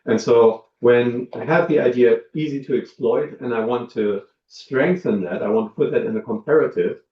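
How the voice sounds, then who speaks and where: A man lecturing on linguistics, talking in a measured way with many ums and uhs as he works through examples. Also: mid-range voice. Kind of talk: academic lecture. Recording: dull lo-fi sound, roomy, from a distance.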